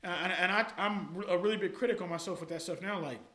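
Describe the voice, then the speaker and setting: A man telling stories in a casual chat as a podcast guest, animated, full of slang and swearing, laughing often. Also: high voice, brisk, reverberant.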